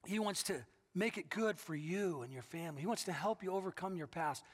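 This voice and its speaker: A man's voice: high voice, a little fast, slightly rough. A middle-aged man preaching a sermon as pastor, telling stories earnestly and often restarting his sentences. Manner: earnest storytelling with repeated restarts. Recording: long reverb of a large hall.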